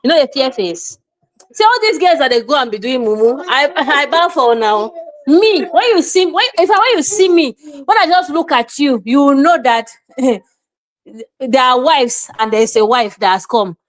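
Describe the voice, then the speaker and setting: A woman with a Nigerian accent, hosting an opinionated commentary and lecturing forcefully, mixing in Pidgin and acting out little scenes in quoted voices. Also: high-pitched, lively intonation, moderate pace. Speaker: show host.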